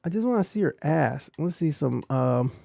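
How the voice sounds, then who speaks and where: Casting: male podcast host, gravelly, slightly high voice, dry close mic, loose rambling delivery. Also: expressive, normal speed, mellow, no room sound. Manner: rambling, stumbling restarts, crude jokes. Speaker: podcast host reading chat. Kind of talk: casual crude commentary.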